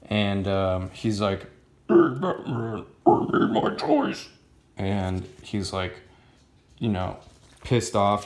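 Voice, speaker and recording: A man with a fairly low voice casually reviewing a comic book. He rambles and hesitates, and fills his talk with "um" and "like". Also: roomy sound. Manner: rambling, many fillers like "um" and "like".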